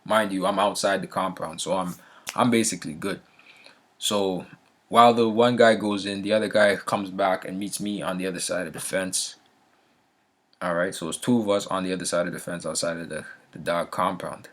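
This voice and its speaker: A man with a slightly low voice telling a story in an easygoing, conversational way. He keeps checking in with the listener and trips over his words as he goes, with filler words and quick restarts. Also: steady tone, a bit bright. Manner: frequent fillers and restarts, a laugh now and then. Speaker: vlogger. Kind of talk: casual storytelling.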